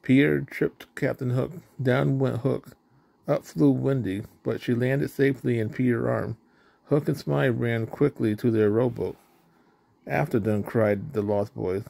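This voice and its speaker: Gravelly man reading a storybook. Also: medium pitch, fairly even intonation, a little slow, dark tone, no room sound. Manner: plain reading, with slips and restarts. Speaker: storybook reader. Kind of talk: reading a children's storybook aloud.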